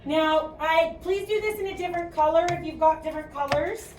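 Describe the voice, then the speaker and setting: This young Chicago-accented woman teaches math in a very high, brisk voice, chatting and projecting while asking "okay?" as she goes. Captured from a distance in an echoey classroom, the lecture carries slight background noise.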